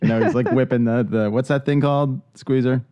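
A man's voice: mid-range voice, fairly even intonation, fairly quick, dark tone, smooth, no room sound. A man co-hosting a podcast in casual chat, joking around and laughing often. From Philadelphia area. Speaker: podcast co-host.

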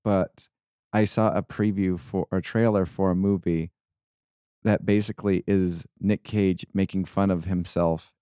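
A young man co-hosting a casual podcast, telling a rambling story with halting restarts. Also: sits low, steady tone, warm tone, clean tone, no room sound, studio quality. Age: young adult. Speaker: podcast co-host.

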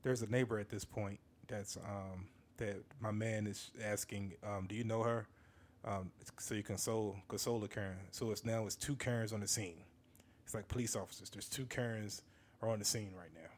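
A man's voice: on the low side, fairly even intonation, brisk, slight background noise. A man hosting a podcast, talking casually and joking as he comments on a video he plays. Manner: laid-back, chatty, amused asides. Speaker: podcast host.

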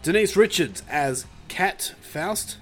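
A man's voice: sits high, lively intonation, slow pace, fairly bright tone. A laid-back man chats casually about a film, stumbling through fillers and swearing freely. Faint music plays behind him. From Australia. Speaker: podcast host reviewing a film. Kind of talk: casual chat.

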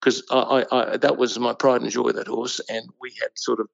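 Older horse breeder, gravelly and rambling; dry, muffled sound. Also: male voice, mid-range voice, flat delivery, fairly quick, dry recording. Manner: rambling, with many restarts. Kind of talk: anecdotal interview storytelling. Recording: dull lo-fi dry recording.

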